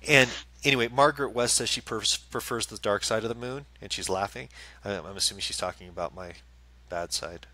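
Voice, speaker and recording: Male psychic co-host, chatty and stammering, lowish bright voice. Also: a little fast, poor audio. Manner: rambling, stammering, joking. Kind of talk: casual live-stream chat.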